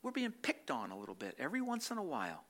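A man preaching a sermon, asking rhetorical questions and repeating phrases, moving between loud emphatic stretches and quiet, slowed reflective ones. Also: a little high, wildly swooping pitch. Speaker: pastor.

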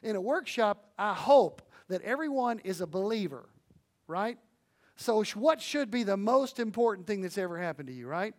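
A man preaching a sermon, earnest and animated, swinging between hushed and loud, with folksy storytelling and asides to the audience. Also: high-pitched, moderate pace. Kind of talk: sermon on evangelism.

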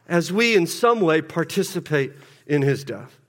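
A man preaching a sermon in a church, often repeating words as he swings between loud urgency and hushed intensity. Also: on the high side, expressive, unhurried. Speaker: pastor. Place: church sanctuary. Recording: long hall reverb.

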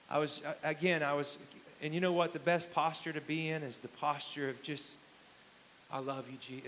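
A man's voice: fairly high pitch, a bit bright, slight background noise, poor audio. A man in his thirties, a pastor preaching a sermon in a conversational, emphatic way, often asking the congregation questions. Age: 30s. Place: church hall with a live congregation.

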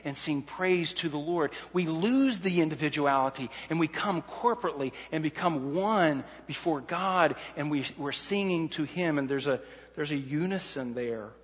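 A man's voice: on the high side, normal speed, long reverb tail, lo-fi sound. A man preaching a sermon in an earnest way, laying out numbered points and often restarting his sentences.

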